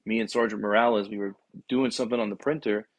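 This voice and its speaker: A man's voice: fairly low pitch, fairly even intonation, quick pace, dry recording. A man who hosts a casual chat, a former Marine recruiter telling rambling, profane stories to his guest.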